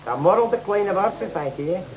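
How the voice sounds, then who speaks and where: A man's voice: high-pitched, animated, fast talker. An actor playing an indignant, bigoted middle-aged husband who rants at his wife in a TV sketch. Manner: indignant ranting. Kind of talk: 1980s TV sketch comedy. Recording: noisy old TV broadcast.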